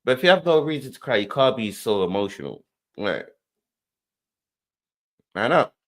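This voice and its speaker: A man's voice: medium pitch, sing-song, moderate pace. A man hosting a reaction show, playful in his commentary and given to repeating phrases and acting out scenes. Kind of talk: animated commentary.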